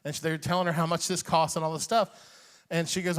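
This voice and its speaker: A man's voice: fairly high pitch, little pitch movement, quick pace, fairly bright tone, long reverb tail. A man in his forties, from Iran, a comedian telling a rambling personal story with chuckles and acted-out quotes. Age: 40s.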